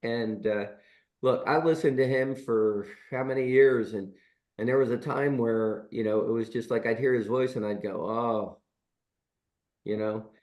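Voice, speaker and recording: Chiropractor guy in his 60s telling long stories, casual and rambly, middle pitch. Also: steady tone, moderate pace, a little mellow. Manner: rambling, many fillers and restarts, chuckling storyteller. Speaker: chiropractor and podcast co-host. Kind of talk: casual storytelling chat.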